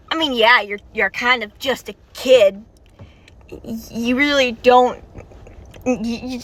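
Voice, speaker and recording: A woman talking excitedly to her viewers in rambling reaction commentary, recorded inside a car. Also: high voice, measured pace, no echo. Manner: excitable, chatty, talks straight to viewers with frequent restarts. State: tired and warm. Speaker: video creator reacting to a game story.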